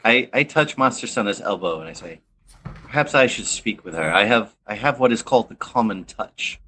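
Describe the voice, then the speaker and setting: A man taking part in a tabletop game, his lowish voice bright and forward. He asks curious questions and speaks in character with a slightly formal tone. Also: animated, moderate pace, breathy edge. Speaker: player. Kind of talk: casual play at the table.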